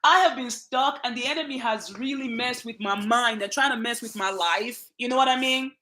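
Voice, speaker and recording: A woman with a Nigerian accent hosting a casual livestream, greeting viewers by name in an emphatic, lively way. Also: a little high, moderate pace. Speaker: channel host.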